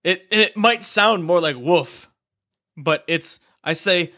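A man's voice: sits high, slow, pushed and bright. A man with an Ohio accent hosting a podcast, joking through casual banter. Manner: joking, playful. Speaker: podcast host.

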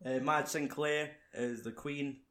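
A man's voice: on the high side, fairly even intonation, slow pace, fairly bright tone. A young man hosting a casual, sweary chat about a film, reading out the cast list with his co-host. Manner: sweary, banter-filled. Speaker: podcast host.

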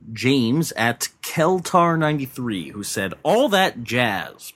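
A man, an entertainment editor on a podcast panel, chatting playfully. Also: medium pitch. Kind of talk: casual panel chat.

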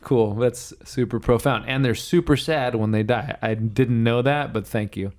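A man's voice: medium pitch, normal speed, a little mellow. Dry, sarcastic male podcast host. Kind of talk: casual chat.

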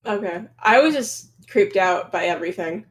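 A woman chatting on a podcast with a middle-pitched voice. She is quick and pokes fun at herself, laughing along with the others. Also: expressive. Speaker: podcast co-host. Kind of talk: casual chat.

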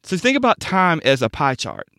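A man with a slightly high voice gives a Bible-based teaching talk on marriage. He speaks in a measured, emphatic way and slows right down on the words he wants to land. The sound is dry and close, with no room around it. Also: big pitch swings, pushed and bright, dry recording.

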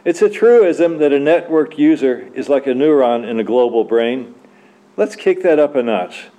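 A man's voice: mid-range voice, animated, normal speed, warm tone, natural voice. A man reading as a smug, slick AI clone. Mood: grandiose. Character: smug, glib male AI clone avatar. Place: church literary evening.

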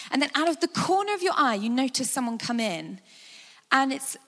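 A woman speaker giving a guided imagination talk, animated and conversational with frequent fillers. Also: a little high, fairly quick. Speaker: church speaker. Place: large hall with a sound desk. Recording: long hall reverb.

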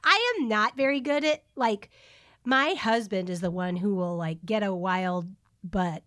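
A woman's voice: medium pitch, measured pace, fairly bright tone. A woman in her forties co-hosting a casual chat show, playful and giggly. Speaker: podcast co-host.

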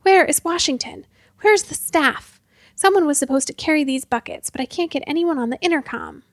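A man's voice: lively intonation, a little fast, a bit bright, dry recording, clean studio sound, full character voice. A woman voicing a fussy, easily panicked male hotel manager who complains and shrieks in alarm. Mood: indignant. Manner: shrill and flustered.

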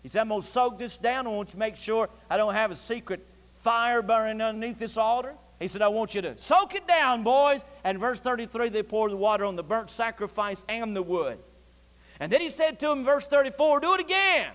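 High-voiced folksy preacher in a reverberant church. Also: male voice, brisk. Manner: folksy, animated storytelling with Southern dialect. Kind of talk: sermon. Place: church sanctuary.

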